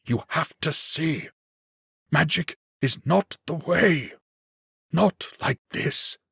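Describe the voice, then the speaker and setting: A man's voice: lowish voice, very animated, measured pace, fairly bright tone, husky, no room sound, clean studio sound, pitched above the performer's own voice, heavily acted. A man voicing a drained male mage who pleads in a trembling voice, in an audiobook. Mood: pleading.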